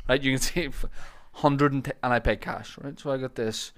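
A man's voice: medium pitch, brisk, few pauses, clean tone. A man, a comedian telling stories in a casual podcast chat and acting out the people in them. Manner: animated storyteller, acts out shouted quotes.

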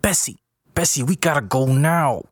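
A man's voice: medium pitch, very animated, a little slow, no room sound, studio quality, pitched above the performer's own voice. A man voicing a frightened young man who keeps complaining in slang. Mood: whining.

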